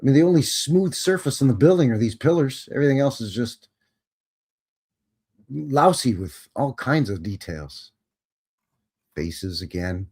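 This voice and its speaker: A man's voice: mid-range voice, expressive, a little slow, long pauses, a little mellow, husky. A man hosting a live show who comments casually on photos, with a wry and joking manner that turns easily to amazement. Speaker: host.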